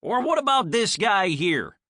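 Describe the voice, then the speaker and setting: A man's voice: high voice, very animated, a little slow, no room sound, studio quality, voice pushed up, heavily acted. A man doing an exasperated shopkeeper. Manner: exasperated, shouting. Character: harried male pet shop owner, exasperated.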